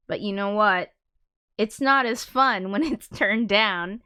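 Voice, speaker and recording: A woman hosts her own live stream and chats loosely with viewers between songs. She rambles, leans on fillers and swears freely, and she often reads viewer comments aloud. Her voice sits at a medium pitch. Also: takes it slowly, bright, forceful tone, smooth. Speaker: musician streamer. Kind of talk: casual live-stream chat.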